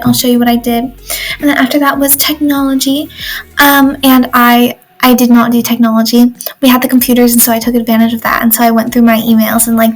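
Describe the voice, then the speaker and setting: A teenage girl chats through her day for a video diary, her voice sitting a little high. She rambles and fills gaps with "like" and "um" as she goes. Faint music plays underneath her. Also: poor audio. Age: teens. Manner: chatty, rambling, lots of "like" and "um". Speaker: exchange student vlogger.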